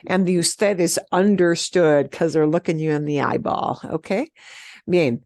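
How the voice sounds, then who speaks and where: A middle-aged woman teaching a beginner Spanish class, upbeat and encouraging, modeling phrases slowly so students can repeat them. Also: on the low side, a little mellow, no echo. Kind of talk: online beginner language class.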